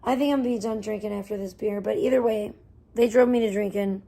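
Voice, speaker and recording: A woman livestreaming, ranting in a profane, defensive way that swings between muttering and loud outbursts. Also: medium pitch, fairly even intonation, fast, creaky. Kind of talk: casual livestream rant.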